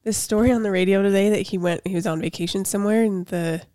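A woman's voice: mid-range voice, fairly even intonation, quick pace, mellow, no room sound, clean studio sound. A woman in her thirties co-hosting a casual podcast, telling rambling stories full of fillers. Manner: rambling storyteller, many "like" fillers. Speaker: podcast co-host. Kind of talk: casual chat.

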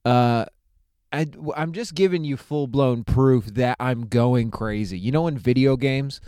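A man's voice: mid-range voice, measured pace, warm tone, clean tone, no echo, studio quality. A young man talking alone on his comedy podcast from inside a parked car, crude and rambling, often laughing at his own story. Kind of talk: solo comedy podcast monologue.

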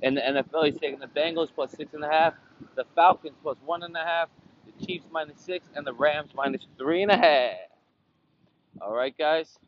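A man with a voice on the high side speaks at normal speed, the recording's highs cut off. He hosts a casual sports betting podcast, running through picks and results in a brash, profane style. He's outdoors in a windy spot with traffic nearby.

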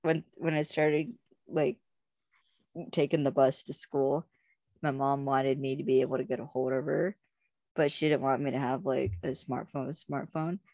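Low gravelly young woman chatting. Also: steady tone, moderate pace, warm tone, no room sound. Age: young adult. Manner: chatty, rambling, frequent "like" fillers. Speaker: podcast co-host. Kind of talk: casual chat.

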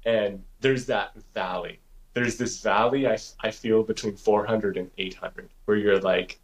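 A man's voice: fairly low pitch, animated, moderate pace, poor audio. A young man co-hosting a podcast in casual chat, telling a story with a lot of swearing and acting out his own past thoughts. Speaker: podcast co-host.

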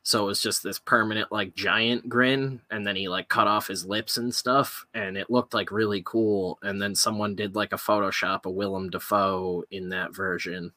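A man's voice: on the low side, normal speed, few pauses, no echo. A man in casual podcast chat, telling stories with lots of swearing, recording remotely from home. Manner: profane, animated storytelling. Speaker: podcast co-host. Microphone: headphones with remote podcast mic.

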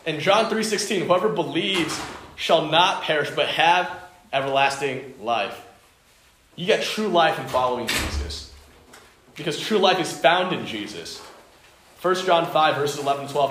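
A man's voice: mid-range voice, a bit bright. A man preaching to a youth fellowship in an earnest, emphatic style, piling up short phrases and repeating them. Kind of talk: sermon. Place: indoor home fellowship meeting. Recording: echoey room, faint noise.

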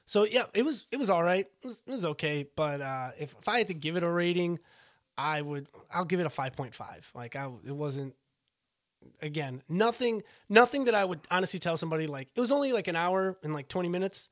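A young man co-hosts a podcast in a slightly high voice. He rambles along casually, stops often, and restarts his sentences. His delivery is loose and unpolished. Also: animated, fairly quick, no echo, studio quality. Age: young adult. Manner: rambling, hesitant, full of restarts. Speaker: podcast co-host. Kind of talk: casual chat.

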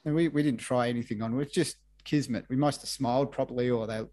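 A man's voice: medium pitch, fast, a little mellow, no room sound. A middle-aged Australian man telling an anecdote casually, swearing freely and acting out quotes. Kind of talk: casual chat, storytelling.

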